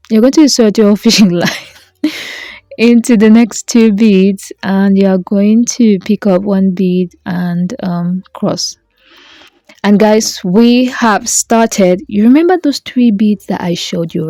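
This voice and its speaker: A woman's voice: mid-range voice, slow, mellow, no room sound, clean studio sound. A woman hosting a beading tutorial, chatty and playful, talking straight to her viewers as she works. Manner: playful, talks straight to viewers, jokes and self-corrects.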